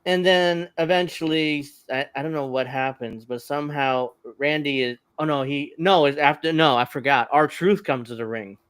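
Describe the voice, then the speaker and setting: A man's voice: fairly high pitch, normal speed, hardly any pauses, a bit bright, clear, resonant tone, no echo. A man hosting a casual wrestling podcast, recapping a match in a rambling way with chuckles. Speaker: podcast host. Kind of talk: casual wrestling review chat.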